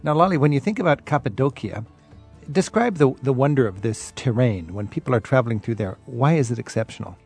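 A man hosts a radio travel program, talking in an upbeat, curious way at a medium pitch. A faint music bed sits under his voice. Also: animated, brisk, vocal fry, darkish tone, breathy edge. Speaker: radio travel show host. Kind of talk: radio interview and scripted intro.

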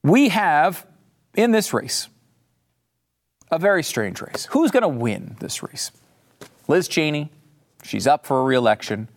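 Animated sarcastic male talk host. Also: on the high side, slow, long pauses. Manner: sarcastic, animated, jumps into silly voices. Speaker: political commentary host. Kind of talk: sarcastic monologue.

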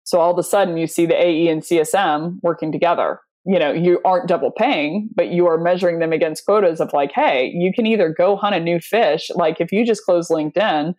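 A woman's voice: on the low side, fairly quick, few pauses, darkish tone. A woman guest on a sales podcast, telling anecdotes in a chatty way, laughing often and using lots of fillers. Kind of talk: casual conversational interview.

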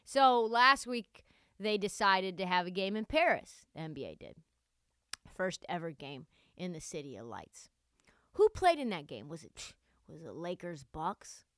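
A young woman hosting a solo sports podcast, talking in a sarcastic, animated, joking way. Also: on the low side, unhurried, dry recording, studio quality. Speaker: podcast host.

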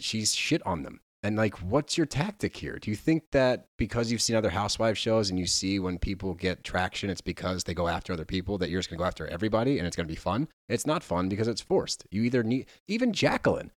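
Male co-host, low voice, animated and mocking, close dry mic, casual recap chat. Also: no room sound. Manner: animated, mocking, fast bursts. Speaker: podcast co-host.

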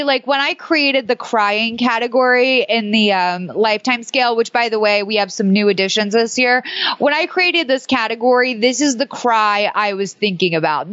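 A woman's voice: on the high side, fairly bright tone, no room sound, dull audio. A woman hosting a podcast in casual chat, chatty and sardonic, rambling through her thoughts. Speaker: podcast host.

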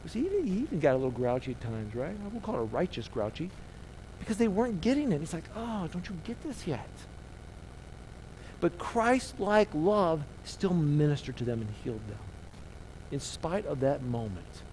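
A middle-aged man preaching a sermon as pastor, swinging between loud emphasis and soft, hushed lines. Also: on the high side, sing-song, fairly quick, slight background noise, low-quality recording.

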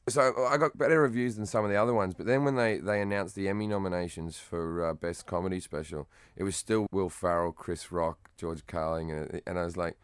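A man's voice: deep voice, clear, resonant tone, dry recording. A man with an Australian accent, chatting as a comedian guest in an interview, blunt, profane and self-mocking. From Western Australia. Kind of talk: casual interview chat.

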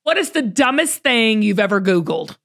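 A woman's voice: fairly high pitch, big pitch swings, normal speed, fairly bright tone. A woman with a Southern American accent hosting a casual interview chat, playful and teasing. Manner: playful, teasing, laughs often. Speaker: podcast host.

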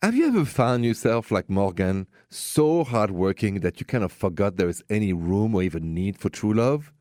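A man hosting a radio advice show, speaking in an upbeat, emphatic and animated way. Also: lowish voice, moderate pace, no room sound, clean studio sound.

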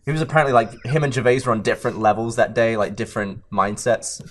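A man's voice: medium pitch, fast talker, a little hiss or hum. A man co-hosting a podcast, chatting casually with many fillers. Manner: lively, filler-heavy. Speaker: podcast co-host. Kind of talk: casual chat.

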